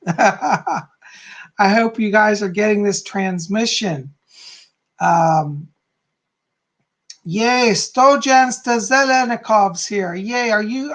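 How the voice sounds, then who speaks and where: A man's voice: high-pitched, fairly bright tone. A man hosting a live psychic medium stream, chatting casually and greeting his viewers by name with an upbeat, friendly manner.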